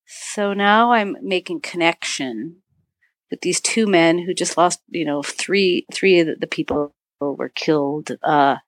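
A woman's voice: on the low side, measured pace, dry recording. A middle-aged woman from northern Michigan, a podcast guest telling a search-and-rescue story, acting out quoted dialogue with lots of "you know". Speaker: podcast guest, author and avalanche dog handler. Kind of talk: storytelling interview.

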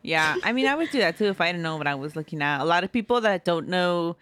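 Woman co-host, lower pitch, dry close-mic sound, laid-back and wry. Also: animated, quick pace, fairly bright tone, dry recording. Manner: laid-back, swears casually, dry asides. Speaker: podcast co-host. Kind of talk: casual chat.

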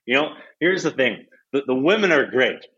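A young man, a hockey goalie telling stories in a casual, profane, animated way with lots of restarts. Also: medium pitch, moderate pace, breathy edge, lo-fi sound. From Canada. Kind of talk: casual storytelling chat.

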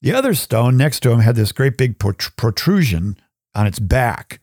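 A male Bible teacher delivers an animated scripture talk, his pitch swinging widely as he tells stories and acts out little scenes. The recording is close and dry, with no room sound around his voice. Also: moderate pace, no room sound.

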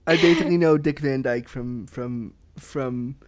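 A man's voice: mid-range voice, measured pace, darkish tone. A man hosting a podcast, chatting casually and animatedly with frequent fillers and restarts. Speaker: podcast host. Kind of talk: casual chat.

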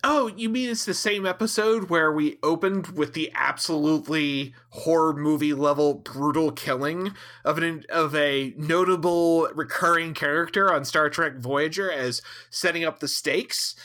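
A somewhat high, bright-voiced man talks with exasperated sarcasm in a casual critique chat. He is animated and swings up in pitch when mocking. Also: unhurried. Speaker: podcast co-host.

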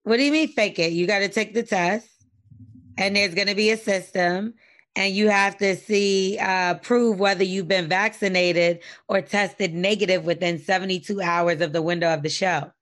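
A woman's voice: mid-range voice, steady tone, normal speed, fairly bright tone. A woman co-hosting a podcast, talking bluntly in casual chat and swearing freely. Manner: blunt, swears freely, reads news aloud. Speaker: podcast co-host.

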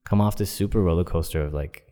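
A man's voice: sits low, fast, dark tone. A man telling a personal story in a casual, rambling way, with lots of fillers. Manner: rambling, many fillers, acts out quoted voices. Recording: long echoey reverb.

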